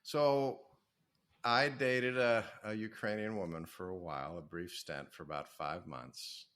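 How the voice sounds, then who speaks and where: A man's voice: on the low side, measured pace, clean tone. A middle-aged man, an author and business coach, talking energetically and telling stories as a podcast guest. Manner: energetic, storytelling, self-promoting. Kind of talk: podcast interview.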